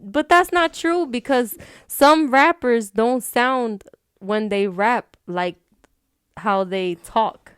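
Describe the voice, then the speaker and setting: A woman with a New Jersey accent co-hosting a podcast, lively and teasing in casual chat. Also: on the high side, slow pace, smooth, dry recording, studio quality. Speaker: podcast co-host.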